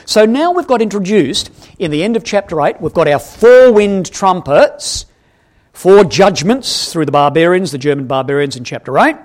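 A man leads his congregation through a passage of scripture, pitched a little high for a man. His delivery rises and falls with animation, and he keeps tossing questions to the listeners and stopping to fix his own slips. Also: moderate pace. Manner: animated, asks the audience questions, self-correcting. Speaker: preacher. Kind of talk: expository Bible teaching.

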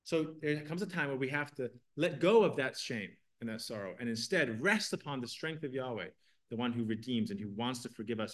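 A man with a mid-range voice leads an evening Bible class, reading scripture aloud and explaining it earnestly. He asks his class questions along the way.

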